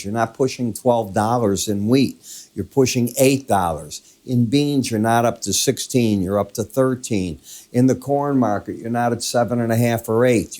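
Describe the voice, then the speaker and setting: Older man giving a market wrap-up, low voice. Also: a little mellow. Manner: conversational, emphatic, walks through charts. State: coughing from lingering illness. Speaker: market commentator, host. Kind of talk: daily market wrap-up commentary.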